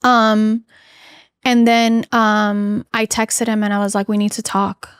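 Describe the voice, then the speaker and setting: A woman guest earnestly telling a personal story in a podcast interview, halting often with restarts and fillers. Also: mid-range voice, level tone, clean tone, dry recording, clean studio sound.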